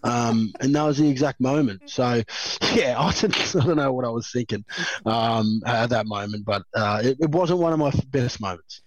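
A man's voice: medium pitch, normal speed, dry recording, dull audio. An Australian man in his thirties, a former rugby league player telling rambling stories in an interview, chatty and laughing often. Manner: rambling, chatty storyteller who laughs often, lots of "you know" and "um". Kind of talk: relaxed anecdotal interview.

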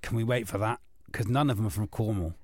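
A man's voice: fairly low pitch, a little mellow, dry recording, studio quality. A man co-hosting a podcast, riffing and joking in casual chat. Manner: jokey, riffing, quick to laugh. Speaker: podcast co-host, comedian.

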